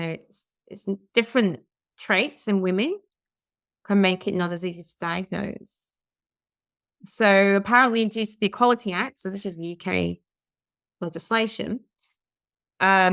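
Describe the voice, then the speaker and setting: Woman podcast co-host, low with a gravelly edge, dry close sound, chatty article reader. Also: a bit bright, no echo. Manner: chatty, reads and comments on articles. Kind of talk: casual discussion, reading out news stories.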